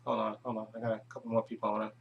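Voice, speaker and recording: A man's voice: fairly low pitch, completely flat delivery, racing, vocal fry, muffled recording, a little hiss or hum. A man hosting his own video channel, chatting casually to camera with many hesitations and restarts. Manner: rambling, full of hesitations and restarts. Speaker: YouTube channel host.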